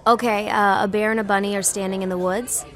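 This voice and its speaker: A woman's voice: medium pitch, fairly even intonation, fast talker. A woman telling a silly joke with some hesitation and fillers.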